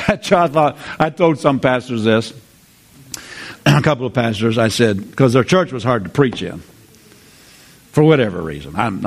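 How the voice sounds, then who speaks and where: A man preaching a sermon as pastor, exuberant and repetitive, often laughing. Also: medium pitch.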